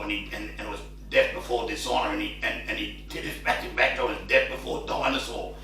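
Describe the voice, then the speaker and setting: A man with an Australian accent hosting a casual chat interview, telling animated stories with plenty of swearing. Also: mid-range voice, fast talker, few pauses. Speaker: podcast host. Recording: roomy echo, mic at a distance, faint hum.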